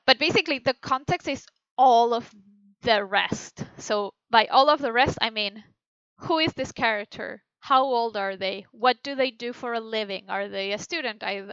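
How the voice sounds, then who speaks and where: A woman's voice: a little high, pushed and bright, smooth, no echo, dull audio. A woman animator giving an informal teaching talk, explaining as she thinks aloud with many fillers and self-corrections. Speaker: animator teaching a feedback session.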